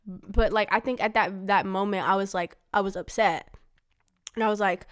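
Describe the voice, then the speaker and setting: A woman's voice: mid-range voice, fairly even intonation, a little fast, a bit bright, clear, resonant tone. A woman casually telling her life story to her father, peppering her talk with "like" and acting out what people said. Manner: chatty, fills talk with "like", acts out quoted lines.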